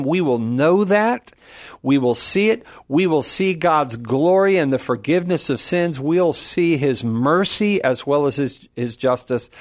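A man answering callers on a call-in radio show in an animated, preacherly way, quick to laugh. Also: medium pitch, no room sound, clean studio sound. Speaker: Catholic apologist radio guest.

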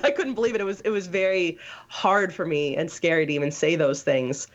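A woman's voice: fairly low pitch, fairly quick. A woman telling her story in a casual interview, rambling, with many restarts and fillers. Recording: dull lo-fi audio.

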